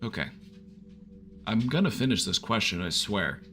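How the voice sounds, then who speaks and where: Very animated, with a sharp tone and a voice on the low side, a man streams from home with his dog, offering loose, casual advice as a therapist streamer. He talks at a moderate pace, filling with "like" and swearing, with a little hiss or hum present.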